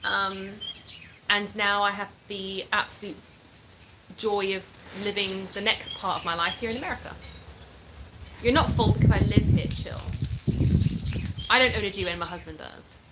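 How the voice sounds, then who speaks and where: A woman's voice: mid-range voice, steady tone, normal speed, long pauses, heavy background noise. An English woman hosting a casual livestream, chatting upbeat and greeting viewers by name. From England. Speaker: livestream host. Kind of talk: casual live-stream chat reading comments. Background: birdsong.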